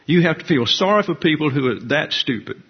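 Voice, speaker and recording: A man with a husky, slightly breathy voice leads a Bible class, talking through his points and asking the room questions. The recording sounds dull and lo-fi. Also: on the high side, expressive, fairly quick. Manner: conversational, asks the class questions. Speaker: Bible teacher.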